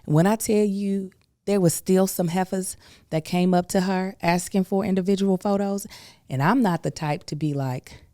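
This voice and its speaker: A woman hosting a podcast, telling a story in a casual, emphatic, animated way with folksy asides. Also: mid-range voice, moderate pace, no room sound, studio quality. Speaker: podcast host.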